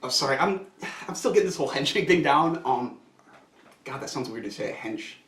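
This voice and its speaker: A man's voice: fairly high pitch, lively intonation, a little fast, fairly bright tone. Jittery new henchman, rambling, echoey room. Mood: eager. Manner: rambling and flustered. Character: nervous, eager young male villain henchman.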